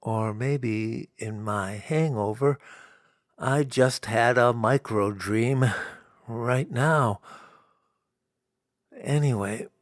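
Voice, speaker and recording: An American man narrating his own story in the first person, wry and self-mocking, in a slow, unhurried telling. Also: medium pitch, no echo, studio quality. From United States.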